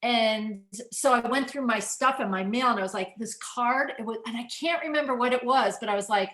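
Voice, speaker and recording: A woman reminisces in relaxed chat and laughs easily. Her fairly high voice carries a noticeable room echo. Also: brisk. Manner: chatty, laughs often. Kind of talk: casual chat.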